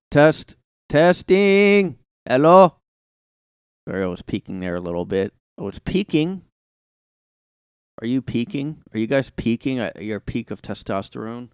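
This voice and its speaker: A man with a low, smooth voice rambling sarcastically through his solo podcast. The sound is dry and close, recorded in his room. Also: darkish tone, no room sound. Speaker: podcast host. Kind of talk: casual solo podcast monologue.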